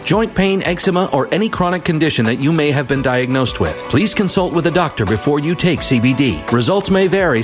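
Male announcer, highish lively voice, smooth ad read, faint music. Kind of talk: scripted ad voice-over.

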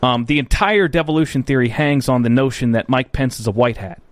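A man's voice: mid-range voice, fairly quick, no room sound. A man hosting a political commentary livestream. He talks bluntly and profanely, rambles, corrects himself often and answers viewer chat.

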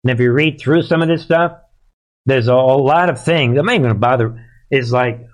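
A man's voice: medium pitch, brisk. A man hosting live political commentary, sarcastic and heated, and he often laughs.

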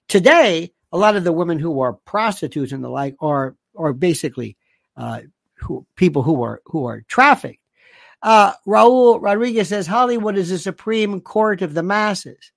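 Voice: mid-range voice, gravelly, no room sound, clean studio sound. Ranting sarcastic commentary host. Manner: ranting, sarcastic, piles up insults and rhetorical questions. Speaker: host reading viewer comments. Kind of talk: opinionated commentary monologue.

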